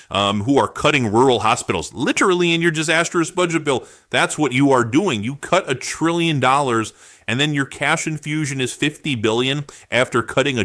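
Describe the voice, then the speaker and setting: Guy doing snarky political commentary, sharp bright voice, super dry sound. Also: medium pitch, no room sound. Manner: sarcastic, animated, rapid-fire rhetorical questions.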